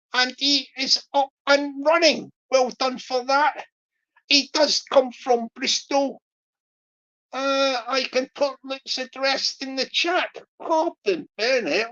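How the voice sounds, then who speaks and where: A woman chatting casually on a livestream, rambling and repetitive, with theatrical, gushing shout-outs to viewers. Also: sits high, steady tone, takes it slowly, highs cut off.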